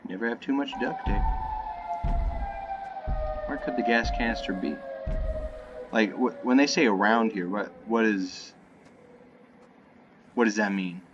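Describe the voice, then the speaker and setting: A man's voice: lowish voice, a little slow, long pauses, muffled recording, music in the background. A young man giving rambling, joking commentary over a horror game, hedging often and wandering off topic. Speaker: gameplay commentator. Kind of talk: rambling let's-play commentary. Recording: loud game noise behind voice.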